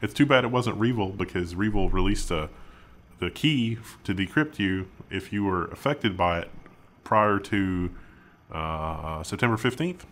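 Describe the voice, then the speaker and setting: A man with a fairly low voice reads tech headlines aloud, then comments on them. His remarks are dry and wry, in a relaxed conversational way. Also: measured pace. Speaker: news show co-host.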